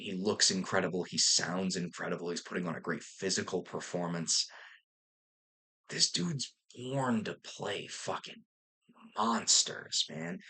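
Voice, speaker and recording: Husky young man rambling about movies. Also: low-pitched, bright, forceful tone. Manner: rambling, enthusiastic, profane, lots of fillers and restarts. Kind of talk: casual movie review vlog.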